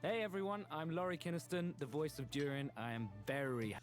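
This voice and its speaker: A man's voice: on the high side, lively intonation, brisk. Upbeat man co-hosting a game show. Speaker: voice actor co-host. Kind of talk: scripted broadcast hosting. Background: background music.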